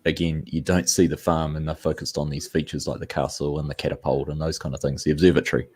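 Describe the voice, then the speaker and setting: Gaming channel host, male, low and husky, easygoing. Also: fast talker. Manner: relaxed, reads viewer comments. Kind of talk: casual chat.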